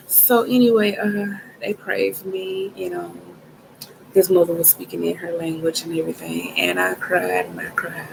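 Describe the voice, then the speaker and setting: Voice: medium pitch, gravelly, background noise. A vlogger telling a personal story in a casual, rambling way, with lots of fillers and repeated phrases.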